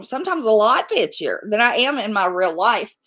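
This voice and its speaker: A woman's voice: mid-range voice, very animated, normal speed, a bit bright. A middle-aged woman, chatting candidly and laughing often on a live stream. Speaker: YouTube host. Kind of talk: casual live-stream chat.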